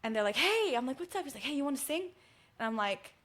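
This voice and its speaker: A woman, chatting casually as a musician guest and telling a story with lively acted-out dialogue. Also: on the high side, racing. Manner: animated storytelling, acts out quoted dialogue. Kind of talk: casual chat.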